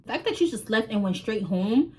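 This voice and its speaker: A woman's voice: medium pitch, brisk. A young woman telling a story on a casual vlog, swearing freely and acting out the dialogue. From New York. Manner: animated, swears freely, acts out quoted dialogue. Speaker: vlogger.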